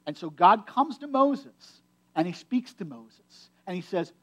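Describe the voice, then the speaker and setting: A man's voice: high voice, big pitch swings, a little slow, fairly bright tone. A man, a pastor, delivering a sermon in a conversational but emphatic way, often repeating phrases for effect. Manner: conversational, emphatic preaching with repetition.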